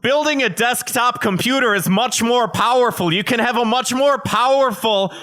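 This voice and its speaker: A man voicing a pushy, know-it-all tech bro who talks loud and insistent in a comic podcast bit. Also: fairly high pitch, big pitch swings, a little fast. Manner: loud, insistent, sing-song.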